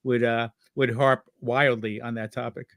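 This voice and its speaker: A man's voice: medium pitch, level tone, unhurried, fairly bright tone, dry recording, clean studio sound. A man chatting as a guest on a talk show, telling rambling anecdotes and laughing at his own stories. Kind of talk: casual chat.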